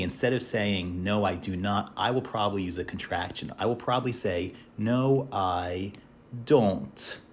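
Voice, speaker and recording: A man with a lowish voice runs an English class review at a desk, saying each model sentence slowly and plainly so learners can repeat it. A faint ambient hiss sits under his voice. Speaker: English teacher.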